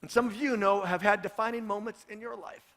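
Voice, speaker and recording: A man with a high, bright voice preaches a sermon, telling the story and circling back to repeat his main points. His words ring out with a long reverb through a church hall. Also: steady tone, fairly quick. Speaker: pastor.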